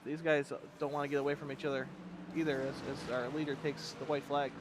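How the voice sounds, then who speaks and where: A man giving joking, excitable color commentary on a race. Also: medium pitch, background noise. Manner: joking, rapid, excitable banter.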